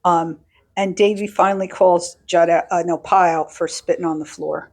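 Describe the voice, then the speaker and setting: Husky-voiced woman podcast co-host. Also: lowish voice, fairly even intonation, moderate pace, a little mellow. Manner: short agreeing replies, hesitant restarts. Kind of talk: casual chat.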